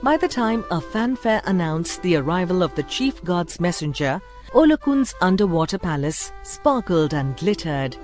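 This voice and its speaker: A woman narrating a folk tale in a clear, measured storybook reading. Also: fairly low pitch, big pitch swings, darkish tone, soft background music. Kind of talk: scripted narration.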